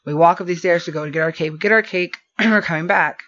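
A woman telling a rambling story in casual podcast chat, animated and full of fillers. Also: lowish voice, quick pace. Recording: dull lo-fi podcast audio.

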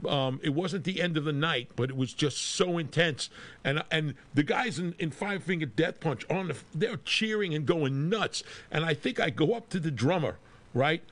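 Rock guy rambling through a tour story, laughs a lot, slightly high voice. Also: animated, normal speed, fairly bright tone. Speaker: rock band musician. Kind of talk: casual podcast conversation.

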